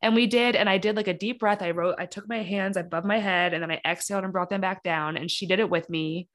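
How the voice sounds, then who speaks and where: A woman in her thirties co-hosts a podcast, chatting casually and telling stories packed with fillers. Her mid-range voice is steady in tone, and she talks fast.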